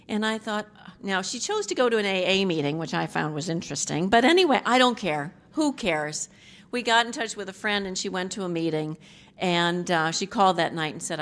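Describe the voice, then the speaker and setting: A woman's voice: medium pitch, expressive, fairly quick, gravelly. A middle-aged woman giving a personal testimony as a speaker at a recovery group meeting, candid and rambling with frequent asides and self-deprecating humor.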